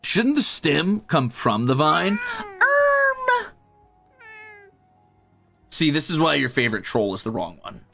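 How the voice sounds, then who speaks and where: A man's voice: a little high, sing-song, moderate pace, gravelly, few pauses, fairly bright tone, faint music behind. A man streaming while he draws, chatting casually and rambling, muttering to himself and teasing his cat. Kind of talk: casual chat while drawing.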